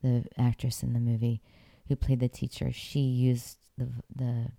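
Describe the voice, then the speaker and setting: A woman's voice: rumbling low, level tone, a little slow, gravelly, mellow. A woman from Pittsburgh, an actress and former figure skater, telling stories as an interview guest in a chatty way, laughing often. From Pittsburgh, USA. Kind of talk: casual interview storytelling.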